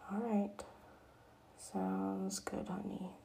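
A woman's voice: mid-range voice, level tone, very slow, gravelly, warm tone, a little hiss or hum, exaggerated voice. A woman voicing a tired, grumpy cook dad in a whispered role-play. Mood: exasperated.

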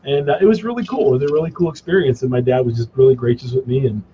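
A man guest in a casual interview, telling stories in an animated way, laughing and acting out his father's gruff lines. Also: mid-range voice, very fast, highs cut off, slight background noise. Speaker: cigar company guest.

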